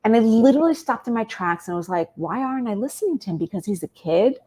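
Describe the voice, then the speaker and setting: A woman, a guest on an interview show, telling a personal story in an animated way and acting out bits of dialogue. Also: on the high side, fast.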